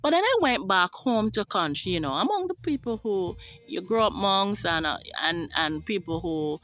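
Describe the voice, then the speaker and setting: A Jamaican woman sharing a personal testimony to camera as a motivational speaker, earnest and emphatic, stretching key words out slowly. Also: medium pitch, sing-song, fairly bright tone.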